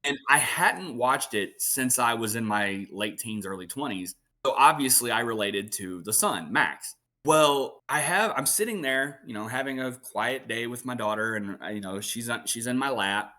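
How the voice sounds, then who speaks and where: Man, 30s, interview guest, chatty storyteller, bright voice. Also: mid-range voice, moderate pace. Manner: animated storyteller. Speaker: guest voice actor and streamer. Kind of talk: casual interview chat.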